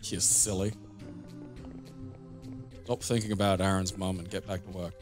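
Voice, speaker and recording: A man's voice: low-pitched, level tone, normal speed. Teasing, foul-mouthed man over game music. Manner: teasing, sarcastic, swears freely. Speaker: let's play co-host. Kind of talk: casual gameplay banter.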